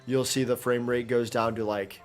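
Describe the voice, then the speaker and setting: A male streamer chatting loosely over his gameplay, mid-pitched and easygoing, trailing off and restarting his sentences. Quiet game music plays faintly underneath him. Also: flat delivery, normal speed. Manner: rambling, chatty, with many fillers and restarts. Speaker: gaming streamer. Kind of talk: casual live gameplay commentary.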